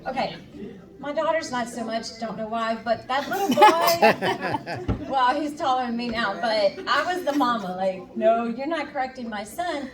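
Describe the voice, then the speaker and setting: A woman's voice: on the high side, lively intonation, a little slow, distant mic, a crowd in the background. Candid woman speaking in an echoey hall. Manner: candid, acts out her own inner voice and dialogue. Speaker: conference speaker. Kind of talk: personal testimony talk. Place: conference hall.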